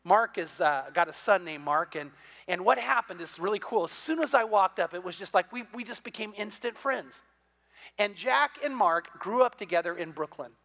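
Preaching a sermon, a middle-aged pastor tells a story in a high, bright voice. He's an animated storyteller who stumbles through quick "and, and" restarts and performs the voices of the people he describes.

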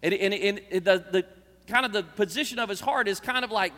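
A man's voice: high voice, a little fast, pushed and bright. Earnest preacher man in echoing hall. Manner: earnest, conversational preaching with frequent restarts. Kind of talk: sermon. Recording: long reverb of a large hall.

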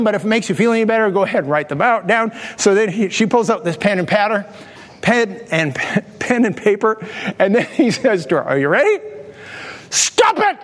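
Pastor, male, high voice, animated sermon storyteller, reverberant church sanctuary. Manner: animated storytelling with acted quotes. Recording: reverberant hall.

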